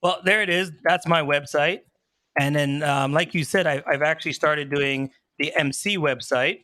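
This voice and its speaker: Hoarse, animated wedding MC man. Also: on the high side, moderate pace, dry recording. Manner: animated storyteller, acts out his own dialogue, laughs often. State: hoarse from yelling earlier, clearing throat. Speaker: wedding MC and DJ guest. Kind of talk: enthusiastic interview chat.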